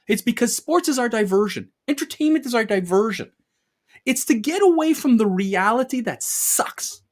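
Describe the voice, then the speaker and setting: Animated ranting man co-hosting a show. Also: very high-pitched. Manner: emphatic, ranting, rhetorical questions. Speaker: co-host. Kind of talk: opinion rant podcast.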